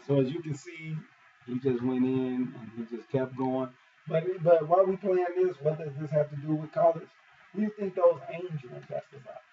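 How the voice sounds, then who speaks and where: A man's voice: mid-range voice, mellow, far from the mic, a little hiss or hum. Man asking rhetorical questions, muffled. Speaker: vlogger. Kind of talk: casual commentary.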